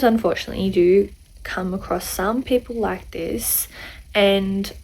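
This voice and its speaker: A woman's voice: medium pitch, vocal fry, poor audio. A woman hosting a reaction video, giving earnest, disapproving commentary on a customer's behaviour. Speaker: host reacting to clips.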